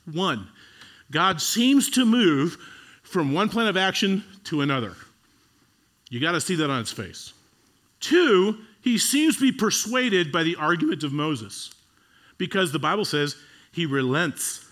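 A male pastor delivers a sermon in a lively, conversational style, shifting between loud outbursts and quiet, slow stretches. His voice sits a little high.

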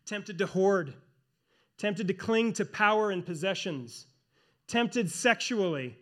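This high-pitched, expressive man, a pastor and church elder, gives a sermon in an earnest, emphatic manner. His tone is fairly bright, and he slows down to stress the key phrases.

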